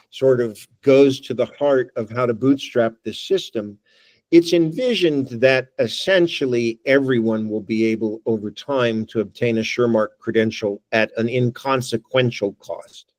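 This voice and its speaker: A man's voice: medium pitch, darkish tone, no room sound. A man giving a talk at a working group meeting, thinking aloud with wry asides and frequent restarts. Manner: thoughtful, wry, restarts phrases. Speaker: guest speaker. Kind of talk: presentation with discussion.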